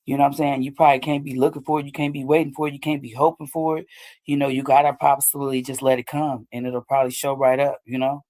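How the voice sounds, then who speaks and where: A woman's voice: rumbling low, level tone, fast talker, mellow. A woman hosting a show, talking casually and loosely about healing after heartbreak, often asking "you know what I'm saying". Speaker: host. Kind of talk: casual advice talk.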